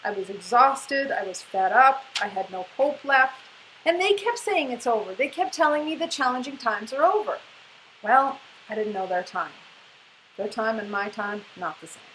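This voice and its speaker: A woman in her forties reads aloud from her old journal in an earnest voice that keeps slipping into laughter. Her voice sits a little high for a woman, and a faint hiss runs under the recording. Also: animated, moderate pace, fairly bright tone, low-quality recording. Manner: earnest reading, often breaking into laughter. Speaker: co-host sharing her spiritual journey. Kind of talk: casual chat, reading aloud from an old journal.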